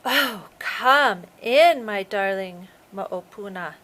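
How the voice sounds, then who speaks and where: A woman voicing a sly male magic shark who pretends to be a grandmother, sweet-talking and then shouting. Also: mid-range voice, animated, slow, a little hiss or hum. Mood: sweet coaxing. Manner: coaxing sweet-talk turning to angry shouts.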